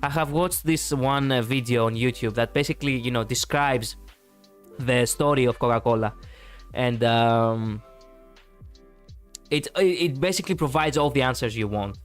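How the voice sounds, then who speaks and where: A man chats loosely on a live stream, rambling from thought to thought and answering viewers' comments as they come. His voice sits at a middling pitch, and faint music plays underneath. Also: moderate pace, smooth. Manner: rambling, chatty, reacting to chat, frequent fillers. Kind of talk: casual live-stream chat.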